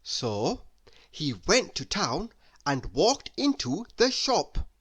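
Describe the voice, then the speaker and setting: Slow, expressive woman reading a bedtime story. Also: on the low side, husky. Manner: slow, expressive, playful asides. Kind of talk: bedtime story read-aloud.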